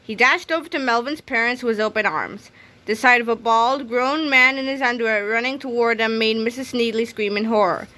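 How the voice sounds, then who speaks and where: Woman reading a kids' book aloud, lively, bright and a bit high. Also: brisk. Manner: lively storytelling. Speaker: read-aloud narrator. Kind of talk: children's book read-aloud.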